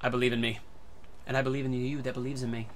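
A man giving excitable gameplay commentary who swears a lot and breaks into sudden shouts. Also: mid-range voice, very fast, a little hiss or hum. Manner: talks to himself and his teammates. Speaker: gaming video creator.

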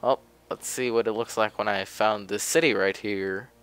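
A young man provides casual, chatty let's play commentary into a desk mic, often grumbling offhandedly as he plays. His lowish voice is steady, a bit bright and clean, at a moderate pace.

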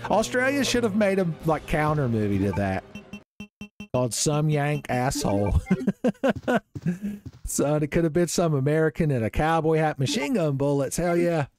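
A man's voice: a little high, sing-song, moderate pace, a little mellow. A man doing joking, rambling gameplay commentary, calling listeners son. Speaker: let's play host. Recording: game music behind voice.

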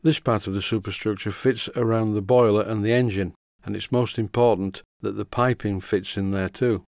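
A man's voice: on the low side, fairly even intonation, normal speed, creaky, darkish tone, no room sound. A man with a Yorkshire accent giving a methodical, step-by-step model engineering tutorial as a voice-over, with a dry sense of humour. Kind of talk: instructional voice-over.

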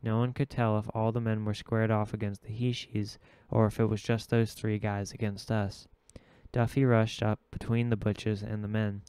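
A man reads a novel aloud in steady, measured narration. His voice is low and smooth, with a fairly flat line, recorded dry and close. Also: dry recording. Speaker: audiobook reader. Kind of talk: audiobook narration.

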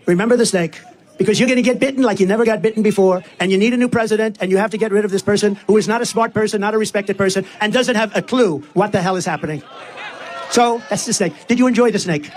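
Fast-talking man rallying a crowd. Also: sits high. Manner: rambling, repetitive, talks straight to the crowd. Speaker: political candidate at a rally. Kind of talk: campaign rally speech. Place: rally before a live crowd.

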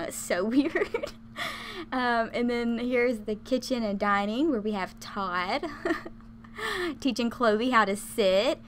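A woman's voice: a little high, slight background noise. A young woman casually talking through a life-sim game she plays, chatty and giggly with many fillers. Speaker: gaming channel host.

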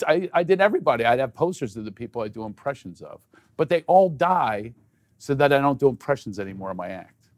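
A middle-aged man, a comedian who chats as a guest. He jokes at speed and hits his punchlines loud. His voice sits mid-range and sounds dry and close to the mic. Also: medium pitch, big pitch swings, no echo. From Philadelphia, USA. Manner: quick, jokey, bursts of loud punchlines. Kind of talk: joking interview chat.

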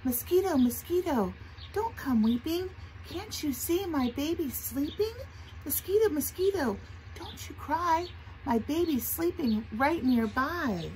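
A woman doing a gentle lullaby mother, high. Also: animated, unhurried, low-quality recording. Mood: soothing, singsong. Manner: sing-song rhyming lullaby chant. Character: gentle young mother softly shushing animals away from her sleeping baby. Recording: outdoor traffic and rain noise.

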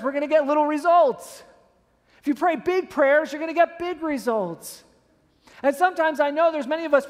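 A man, a pastor, preaching a sermon with animated storytelling, acting out scenes. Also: very high voice, big-room sound. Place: church sanctuary.

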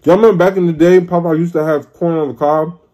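A man's voice: on the high side, fairly even intonation, mellow. Exasperated man ranting on a mukbang. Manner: exasperated, swearing, drawn-out complaints. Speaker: food vlogger. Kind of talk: mukbang rant.

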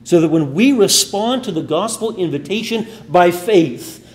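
Earnest male preacher, rather high. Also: lively intonation, measured pace, few pauses. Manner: earnest preaching, rising emphasis then dropping to soft quiet endings. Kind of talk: sermon. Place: church.

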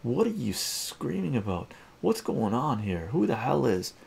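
A man's voice: medium pitch, sing-song, unhurried, vocal fry, a little mellow, breathy edge, pitched above the performer's own voice, heavily acted. A man voicing a brash, easily riled teenage boy who keeps blurting out exasperated questions.

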